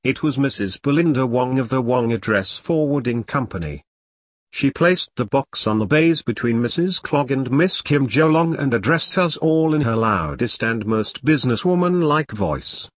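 A man narrating a story in a lively, expressive reading. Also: mid-range voice, unhurried, no echo, studio quality.

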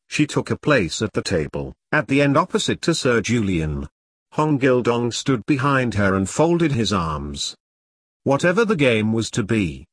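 A male narrator reading a scripted story with lively expression. His pitch moves a lot, his voice is a bit husky, and the recording is dry and close. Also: dry recording.

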